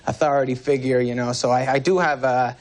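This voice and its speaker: A man in his thirties from New Hampshire, a comedian guest telling a rambling, halting, self-mocking story on a talk show, often breaking into laughter. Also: medium pitch, fairly even intonation. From New Hampshire, USA. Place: TV studio with audience. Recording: noisy VHS TV recording.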